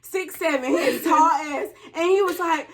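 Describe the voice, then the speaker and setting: Young woman, high voice, casual storytime chat, animated, laughing. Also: moderate pace. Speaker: co-host telling a story.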